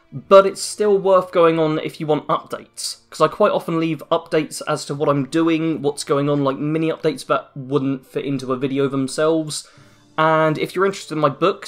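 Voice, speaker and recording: Rambling, self-mocking young man. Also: on the high side. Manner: rambling, self-deprecating, jokey asides. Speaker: YouTube channel host. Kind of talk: casual end-of-year update vlog. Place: dim room at home after a work shift.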